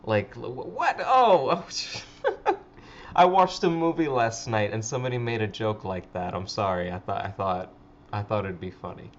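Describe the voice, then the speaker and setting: A man's voice: lowish voice, normal speed, lo-fi sound. Stammering, swearing man host. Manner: rambling, stammering, swears often. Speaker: livestream host. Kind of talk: casual chat.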